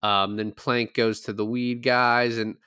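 Podcast co-host, male, mid-pitched, dry close sound, chatty recap with laughs. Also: flat delivery, measured pace, sharp tone, clean tone, dry recording. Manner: laughing, retells scenes with quoted lines. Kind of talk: casual movie review chat.

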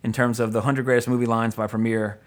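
A man with an ordinary mid-pitched voice hosts a casual podcast conversation. He rambles through his thoughts, piling up fillers and restarts and breaking into small laughs. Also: level tone, fast talker. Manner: rambling, filler-heavy, with frequent chuckles. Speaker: podcast host. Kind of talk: casual film-review chat.

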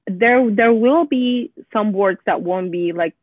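A young woman with a Spanish accent, talking fast and animatedly in a casual conversation, often quoting herself. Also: medium pitch, no echo. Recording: thin phone-like call audio, dry and husky.

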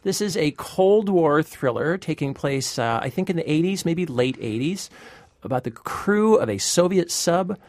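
Male film critic co-host, slightly high voice, dry close studio sound, jokey casual delivery. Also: lively intonation, moderate pace, a little mellow, dry recording. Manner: chatty, joking, laughs often. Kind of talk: casual podcast chat.

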